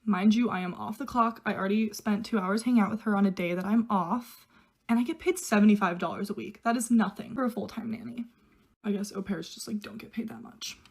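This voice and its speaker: A woman's voice: mid-range voice, a little fast, husky. A young woman chatting casually through a get-ready-with-me storytime, filling every sentence with "like" and quoting others in her own voice. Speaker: au pair telling a story.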